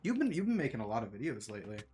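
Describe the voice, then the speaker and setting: A man's voice: medium pitch, big pitch swings, racing, dark tone, slight background noise. A man streaming a game, chatting in a rambling, self-deprecating way and laughing often. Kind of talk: casual chat while gaming.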